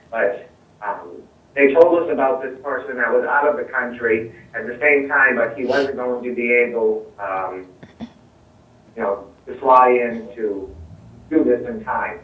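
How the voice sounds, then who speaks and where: A man chats as a guest in an easygoing way, leaning on fillers as he goes. His voice sits at an ordinary pitch. It arrives from a distance, with a roomy echo around it. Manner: easygoing, relaxed talk with many fillers. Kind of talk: casual chat. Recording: roomy, distant remote audio.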